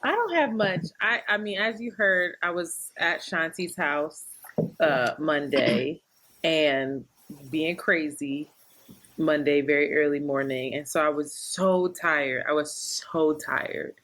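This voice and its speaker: A woman's voice: low voice, slow, a bit bright. A woman co-hosting a casual podcast, telling a story with lots of laughter and acted-out quotes. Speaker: podcast co-host.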